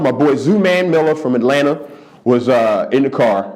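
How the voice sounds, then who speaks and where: Man, around 40, from Philadelphia area, stand-up comedian, animated storytelling, repeats for emphasis, studio interview. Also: normal speed. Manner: animated, repeats for emphasis, jumps into high-pitched voices for quoted people. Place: studio under hot lights.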